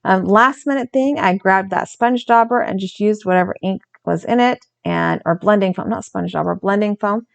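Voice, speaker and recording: Craft lady chatting thru her journal page, bit of vocal fry, keeps fixing her own words. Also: mid-range voice, moderate pace, few pauses. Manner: chatty, self-correcting, stumbles over words. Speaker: craft channel host. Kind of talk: casual voice-over narrating a craft process.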